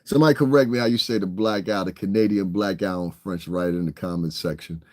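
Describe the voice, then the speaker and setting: A man giving a profane, confrontational, mocking rant as an online hip hop commentator, swinging between shouting and muttering. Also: deep voice, quick pace. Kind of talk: ranting streamed commentary.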